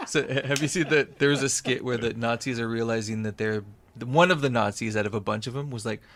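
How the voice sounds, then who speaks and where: A man's voice: mid-range voice, fairly even intonation, quick pace, a bit bright, no room sound. Chatty joking podcast man. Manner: chatty, chimes in with jokes and bits. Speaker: podcast co-host. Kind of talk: casual chat.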